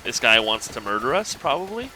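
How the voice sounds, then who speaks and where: Bright-toned man narrating his gameplay. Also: on the low side, normal speed, a little hiss or hum, rough recording. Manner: thinking aloud, relaxed and rambling. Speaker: gameplay commentator. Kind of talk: casual let's-play commentary.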